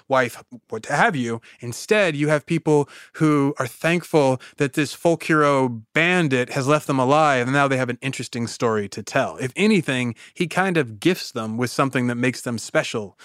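A man hosting a podcast, telling a story in a casual, animated way with frequent laughs and lots of "like". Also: mid-range voice, no echo, studio quality. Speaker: podcast host.

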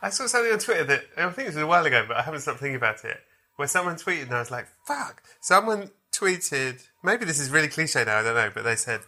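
A man's voice: fairly high pitch, sing-song, quick pace, pushed and bright. A man hosting a podcast, chatting casually and animatedly with playful swearing. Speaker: podcast host. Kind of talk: casual comedic chat.

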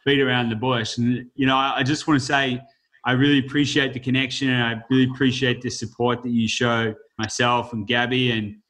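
A man's voice: medium pitch, level tone, a little fast, fairly bright tone, rough recording. A man hosting an online panel, talking in a rambling, reflective way with many fillers. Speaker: host of an online panel discussion. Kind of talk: casual panel chat.

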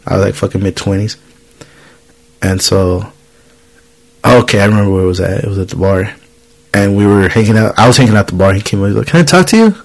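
A man's voice: on the low side, flat delivery, fast, gravelly, long pauses, poor audio. A man in his thirties hosting a podcast, telling a story in casual chat, swearing freely and acting out the people he quotes. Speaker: podcast host.

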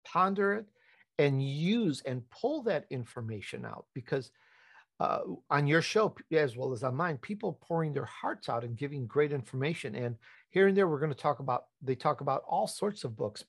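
A man talking as a guest on a podcast interview, emphatic and repetitive, rising to animated peaks. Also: a little high.

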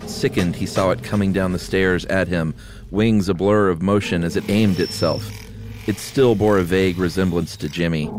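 Deep-voiced man narrating a story. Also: fairly even intonation, moderate pace, darkish tone, slight background noise. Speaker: story reader. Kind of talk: reading a story aloud.

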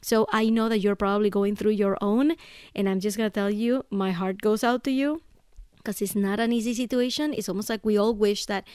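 Woman podcast host, 30s, chatty solo storyteller, mid pitch, dry close sound. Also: steady tone, a little fast, darkish tone, clean tone, dry recording. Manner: chatty storyteller, keeps asking "right?". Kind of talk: casual solo monologue.

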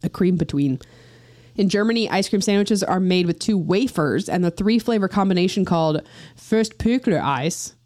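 A woman's voice: lowish voice, fairly quick, a little mellow, dry recording. Playful woman podcast host, dry sound. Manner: playful, reads facts aloud with jokey asides. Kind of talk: casual podcast chat.

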